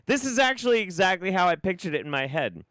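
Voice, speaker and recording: A man hosting a live stream, giving sarcastic commentary, often laughing and swinging from loud bursts to quiet mutters. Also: high voice, big pitch swings, fast talker, dry recording, clean studio sound. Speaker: streamer host.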